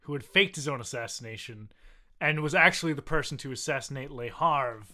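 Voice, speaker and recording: A male podcast co-host telling an absurd story with deadpan delivery and casual swearing. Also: medium pitch, a little fast. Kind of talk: comedic storytelling.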